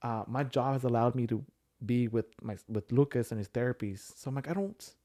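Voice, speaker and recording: A man's voice: medium pitch, brisk, warm tone. Rambling man telling his story. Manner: rambling storyteller with many fillers. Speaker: podcast guest sharing his story. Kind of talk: casual chat.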